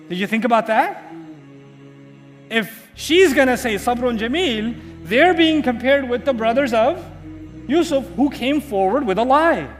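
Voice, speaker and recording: A man giving an Islamic lecture, telling a story with dramatic pauses and asking the audience rhetorical questions that he then answers himself. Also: extremely high pitch. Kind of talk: religious lecture. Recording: hall reverb with faint music.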